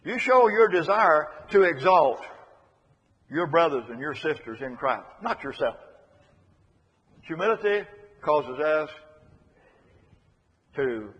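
A man preaches a sermon with a slightly raised, husky voice that swings widely in pitch, repeating phrases and dropping to a hush for emphasis. The lo-fi recording carries a long reverberant tail from a large hall. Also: animated, slow, pauses often. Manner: emphatic, repeats key phrases, shifts between loud and hushed.

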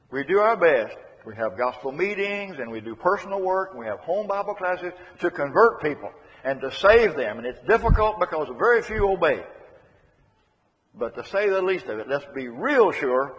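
A man preaches a sermon with a slightly raised, husky voice that swings widely in pitch, repeating phrases and dropping to a hush for emphasis. The lo-fi recording carries a long reverberant tail from a large hall. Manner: emphatic, repeats key phrases, shifts between loud and hushed.

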